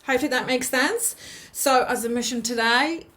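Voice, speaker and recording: A woman's voice: high-pitched, normal speed, pushed and bright. A woman giving a motivational self-help talk, reassuring and often checking in with the listener, repeating words as she thinks aloud.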